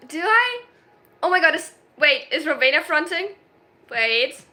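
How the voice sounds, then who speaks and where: A woman's voice: sits high, big pitch swings, sharp tone. A woman in her twenties chatting on a casual livestream, flustered, often breaking off mid-sentence and laughing. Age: 20s. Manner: flustered, self-interrupting, quick to laugh.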